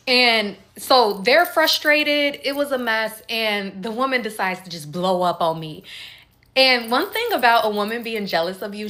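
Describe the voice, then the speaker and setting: A woman telling a casual storytime, animated and acting out the voices of the people she quotes. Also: mid-range voice. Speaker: storytime creator.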